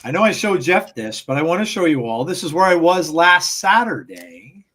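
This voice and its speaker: Chatty high-voiced man telling stories. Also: big pitch swings, normal speed, a bit bright. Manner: rambling storyteller with many fillers and restarts; laughs at his own anecdotes. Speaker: podcast co-host. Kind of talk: casual chat.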